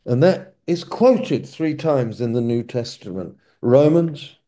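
A man preaching a sermon, speaking slowly and emphatically and repeating key phrases for weight. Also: medium pitch, animated, warm tone.

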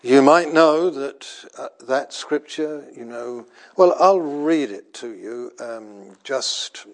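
An older man preaching a sermon in a slow, deliberate way, pausing often and repeating phrases for weight. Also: medium pitch.

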